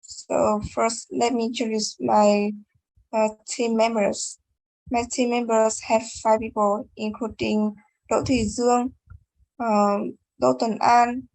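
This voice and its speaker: A Vietnamese student presents on word stress in a fairly high, slightly mellow voice with some vocal fry. She reads carefully but hesitates and restarts. The recording has no echo and is rough.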